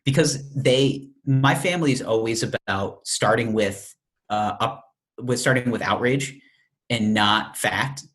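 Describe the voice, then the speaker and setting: A man's voice: medium pitch, unhurried, fairly bright tone. A young man co-hosting a casual podcast, laid-back and opinionated, who swears freely. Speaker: podcast co-host.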